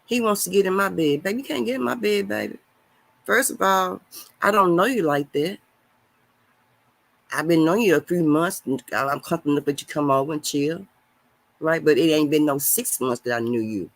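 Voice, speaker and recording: A man talking on a casual live stream, reading viewer comments and preaching loudly, swinging between shouting and mumbling. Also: on the high side, moderate pace, dry recording.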